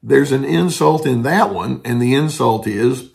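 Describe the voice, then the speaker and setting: An older man with a gravelly, fry-touched voice talks as a therapist explaining to his viewers. His delivery is earnest and steady, with brief quoted asides. His pitch sits at an ordinary middle level for a man. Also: a little slow. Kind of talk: talking-head explainer.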